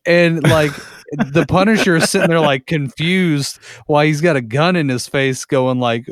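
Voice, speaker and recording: A man's voice: fairly high pitch, moderate pace, no room sound, clean studio sound. A man in a casual podcast chat, a profane, rambling storyteller.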